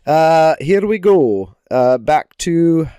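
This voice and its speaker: A man's voice: a little high, animated, slow, dark tone, clear, resonant tone, dry recording, clean studio sound. A man casually chatting on a stream while he draws, rambling and giving playful mock lessons with lots of filler words. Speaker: digital artist streaming. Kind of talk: casual livestream chat while drawing.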